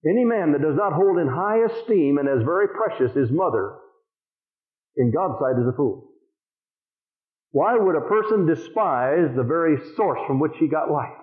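A stern, emphatic preacher, a middle-aged man with a fairly high voice. He is heard over a tinny, phone-like radio broadcast that sounds echoey. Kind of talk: sermon.

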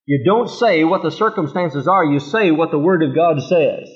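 A man's voice: a little high, normal speed. A male pastor preaching a sermon, reading scripture aloud and pressing his listeners with emphatic rhetorical questions. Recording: tinny lo-fi sermon tape.

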